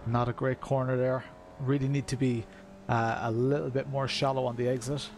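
Irish guy, streamer, mid-pitched, easygoing chatter with lots of fillers, talks to his chat while he drives. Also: little pitch movement, normal speed, a little mellow, a little hiss or hum. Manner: chatty, greets viewers by name, many fillers. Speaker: sim racing streamer. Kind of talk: casual live-stream commentary while racing. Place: room at home.

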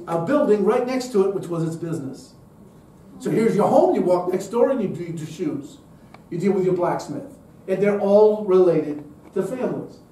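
Guy giving an emphatic talk at some event, higher voice, heavy room echo, mic far off. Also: warm tone, slight background noise. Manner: emphatic, with rhetorical questions. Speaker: speaker at a public event. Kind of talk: lecture-style talk.

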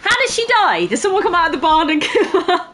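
A woman's voice: extremely high pitch, big pitch swings, fairly quick, a bit bright, a little hiss or hum. A woman commentating casually as she plays a game, swearing freely and laughing at her own mistakes. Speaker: gaming streamer. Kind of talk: casual let's-play commentary.

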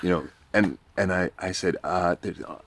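A man's voice: deep voice, fairly even intonation, moderate pace, fairly bright tone. A man from New York, a podcast guest, telling a rambling, self-deprecating story in a casual, swearing way.

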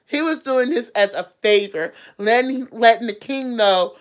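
A woman's voice: on the high side, a little slow, few pauses. A woman vlogger giving a casual, rambling movie recap with lots of fillers. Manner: rambling, animated retelling with many fillers.

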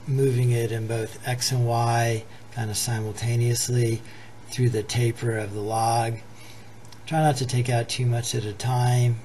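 A man casually explaining a woodworking project, thinking aloud in a relaxed way as he works. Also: mid-range voice, a little hiss or hum.

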